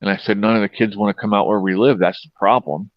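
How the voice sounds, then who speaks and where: Middle-aged man, low voice, rambling profane storyteller, lo-fi dry sound. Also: fairly even intonation, quick pace, dry recording. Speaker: host. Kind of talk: casual storytelling chat.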